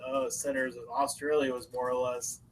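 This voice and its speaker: A man's voice: mid-range voice, flat delivery, normal speed, slight background noise, poor audio. A man co-hosting a podcast, talking loosely with lots of fillers and swearing. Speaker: podcast co-host. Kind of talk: casual chat.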